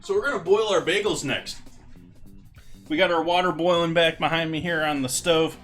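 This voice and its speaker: A man's voice: fairly high pitch, moderate pace, fairly bright tone, soft background music. A man hosting a live cooking stream, chatting loosely with viewers while he works. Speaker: cooking livestream host. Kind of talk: casual live cooking chat.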